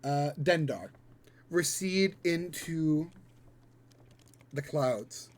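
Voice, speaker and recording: High-voiced man narrating slowly as game master. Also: lively intonation. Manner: descriptive, halting with fillers and swears.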